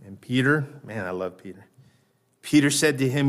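A man preaching a sermon in a conversational way. He often checks in with "right?", slows down on key words and raises his voice to act out lines. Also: on the low side, lively intonation. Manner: raises his voice when acting out Peter's lines. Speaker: pastor.

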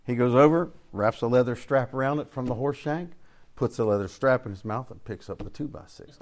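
A man's voice: mid-range voice, a little fast. Older man, folksy preaching with dynamic swings. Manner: folksy storytelling with swings between loud and soft. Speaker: pastor. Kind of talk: Bible study sermon.

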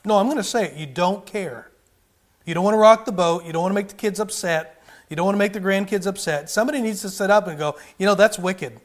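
A man's voice: high voice, fast. A man preaching a sermon with fervor, often rising and then dropping his volume. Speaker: pastor.

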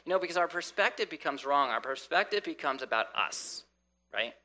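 A man delivers a sermon with a lively, swooping delivery, his voice bright and ringing. He often slips into the voices of people praying to God, then returns to teaching. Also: a little high, brisk. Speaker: preacher.

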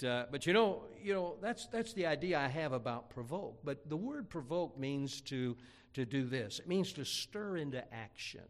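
A man preaching a sermon in a folksy storytelling way, with many restarts and asides to the congregation. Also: medium pitch. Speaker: pastor.

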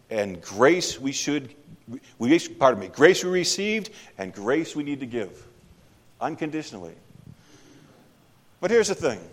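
Lively-voiced preacher man in a reverberant hall. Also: a little high. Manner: conversational, emphatic, asks the audience questions. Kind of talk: sermon. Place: church sanctuary.

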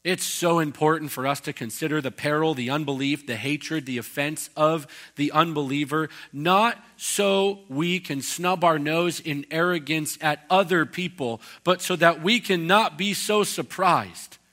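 Male pastor, bright and forward tone, chatty sermon delivery with acted-out asides. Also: a little high, unhurried, few pauses. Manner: conversational preaching with acted-out quotes. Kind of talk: expository sermon.

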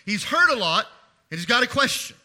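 High, bright-voiced preacher man. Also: sing-song, brisk. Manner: emphatic, repeats phrases for stress. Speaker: pastor. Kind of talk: sermon.

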